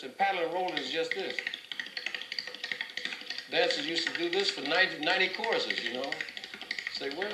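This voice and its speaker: A man teaching a tap dance class, counting and scatting rhythms aloud and often repeating his words. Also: a little high. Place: dance studio. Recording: roomy, distant, noisy dance studio.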